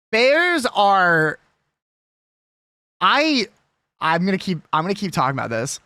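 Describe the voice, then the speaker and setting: Streamer, casual live chat, jokey and combative, animated delivery, dry sound. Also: mid-range voice, a little slow, long pauses, dry recording. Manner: ranting, swearing, argumentative; rambling, jokey.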